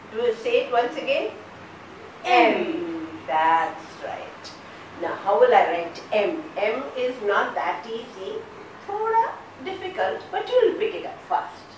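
Slow sing-song teacher, echoey. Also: female voice, mid-range voice. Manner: slow, sing-song, repeating words for children to echo. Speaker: kindergarten teacher. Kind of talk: online phonics lesson for small children. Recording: echoey, distant mic with background noise.

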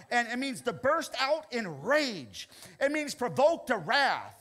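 Husky, high-pitched, lively older preacher. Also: male voice, measured pace. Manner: animated, repeats "okay?" often, laughs between lines. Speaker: pastor. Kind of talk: sermon.

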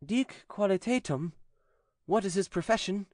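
A man's voice: high voice, expressive, a little slow, darkish tone, no room sound, clean studio sound, pitched above the performer's own voice. A male narrator voicing a stern priest-exorcist who puts formal, commanding questions to a demon.

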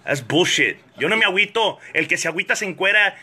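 A man ranting profanely as a comedian, switching fast between English and Spanish. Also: sits high, expressive, bright, forceful tone, husky. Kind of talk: comedic rant to camera.

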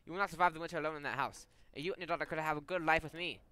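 A man's voice: a little high, racing, bright, forceful tone, clear, resonant tone. Man playing a blustering pompous governor. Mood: indignant. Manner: indignant, blustering. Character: scheming pompous male governor, indignant schemer.

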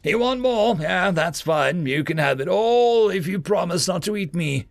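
A cocky young man, as a male narrator plays him, teasing his alien captor and cooing at a big dog. The voice is lifted higher than the narration and lively in its swings, with a gravelly grain underneath. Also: a little slow, dry recording, clean studio sound, full character voice.

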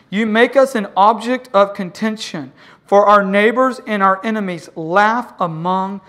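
An impassioned pastor in the middle of a sermon, who calls out to the congregation for amens. The delivery swings from loud, pleading cries to quiet, low tones. The pitch sits in a middle range. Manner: call-and-response with the congregation.

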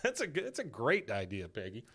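Man, podcast host, laid-back recap, mid-pitched voice, quotes characters. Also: wildly swooping pitch, a little fast, a bit bright, husky. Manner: retells scenes, quoting characters in light put-on voices. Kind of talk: casual episode recap.

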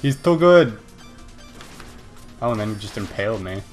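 A man's voice: fairly low pitch, animated, normal speed, faint music behind. A young man hosting a casual video game playthrough, rambling and making self-deprecating jokes as he plays. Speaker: gaming video host. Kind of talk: casual let's-play commentary.

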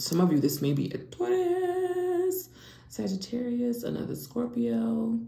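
A woman giving a casual tarot reading to her viewers, expressive, dropping into hushed whispers and rising into excited exclamations. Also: fairly high pitch, a little slow, creaky. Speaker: tarot reader. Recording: echoey room with background noise.

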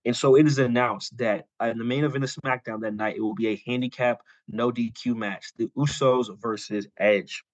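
A man's voice: medium pitch, fairly even intonation, normal speed, hardly any pauses, dry recording. Rambling man telling a story, dry sound. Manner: loose and rambling, full of "like" and "you know"; acts out quoted lines in passing. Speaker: podcast co-host. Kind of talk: casual storytelling on a podcast.

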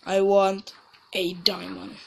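A woman talks her way through a video game in unhurried, casual commentary. She rambles, repeats herself and often stops partway through a thought before starting over. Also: mid-range voice, monotone, creaky, background noise. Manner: rambling, restarts and trails off mid-sentence. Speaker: let's play gamer.

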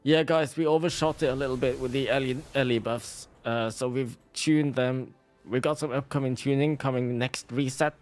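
A man's voice: medium pitch, pitched above the performer's own voice, lightly acted. A man putting on a nasal, nerdy voice to play a game developer announcing balance changes in a mock-earnest way. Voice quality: nasal nerd voice.

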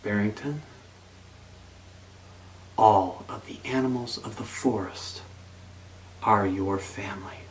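A man voicing a slow, wise silver wolf. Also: fairly low pitch, recorded from a distance, a little hiss or hum, low-quality recording. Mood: calm. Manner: slow and deliberate.

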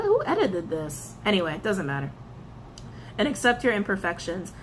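A woman reading tarot and crystal meanings, animated, repeating her phrases and breaking into excited outbursts. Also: medium pitch, a little hiss or hum. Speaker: tarot reader.

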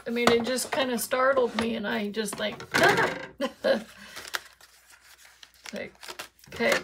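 A woman's voice: a little high, steady tone, moderate pace, vocal fry, very noisy. A woman chatting casually to her viewers while she demonstrates card making at her craft desk.

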